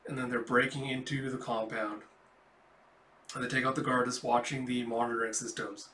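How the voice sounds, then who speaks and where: A man's voice: medium pitch, fairly even intonation, fairly quick, sharp tone, recorded from a distance. A man casually reading a comic book aloud, describing the panels with frequent filler words. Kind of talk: casual comic readthrough narration. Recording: echoey room.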